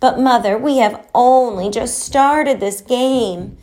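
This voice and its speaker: A whiny little girl begging to stay up past bedtime, as a woman storyteller puts her on, her voice climbing higher and stretching out her pleas. A storybook read-aloud voice. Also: slow pace, darkish tone. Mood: pleading. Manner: pleading, whiny.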